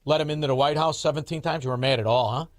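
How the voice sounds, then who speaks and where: A man's voice: fairly high pitch, rapid-fire, no echo, clean studio sound. A man hosting a radio talk show, ranting in a combative, sarcastic way.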